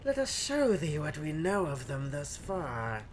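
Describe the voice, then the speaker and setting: A woman voicing a solemn old female bog witch who speaks in hushed, formal, archaic phrasing. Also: deep voice, very animated, measured pace, a little hiss or hum.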